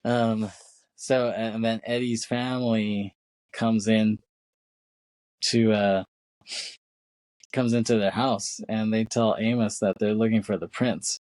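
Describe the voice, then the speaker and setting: A man's voice: on the low side, steady tone, takes it slowly, long pauses, a little mellow, dry recording. A man co-hosting a podcast, retelling a film's scenes in a rambling casual way, with many fillers and acted-out quotes. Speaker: podcast co-host. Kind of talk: casual film recap chat.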